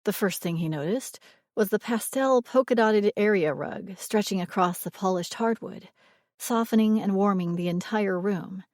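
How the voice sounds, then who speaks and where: Woman reading a romance audiobook, expressive, dry close mic, average pitch. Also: normal speed, no room sound. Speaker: audiobook narrator. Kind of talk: scripted romance narration.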